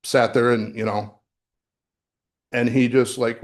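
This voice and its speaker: A man's voice: medium pitch, normal speed. Conversational middle-aged male minister preaching. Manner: conversational, with fillers and restarts. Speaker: associate minister. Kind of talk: sermon with personal story. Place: church sanctuary.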